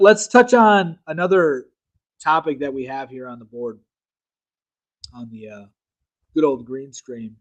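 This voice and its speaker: A man's voice: a little high, poor audio. Laid-back rambling male podcast host. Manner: loose, rambling, with laughs and restarts. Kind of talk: casual political chat.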